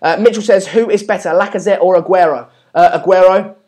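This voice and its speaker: A man's voice: high voice, fairly quick, darkish tone. A young man hosting a live football watchalong, commentating on play and reading out viewer comments in a chatty way with many ums. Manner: chatty, lots of ums, urges viewers to subscribe. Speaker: live stream watchalong host.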